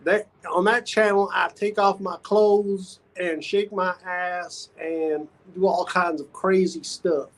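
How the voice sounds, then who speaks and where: A man's voice: sits high, fairly even intonation, takes it slowly, few pauses, voice pushed up, rough recording. A man voicing a self-described mundane guy confessing his wild side on another stream. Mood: sheepish. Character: man named Ross, mundane guy with a channel.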